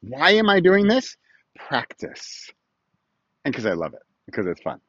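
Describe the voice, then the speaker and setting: A man's voice: a little high, wildly swooping pitch, fast talker, fairly bright tone, no room sound, muffled recording. A man hosting his own weekly video podcast, chatting casually and rambling a little while he films himself outdoors. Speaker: podcast host. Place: outdoors with a morning view.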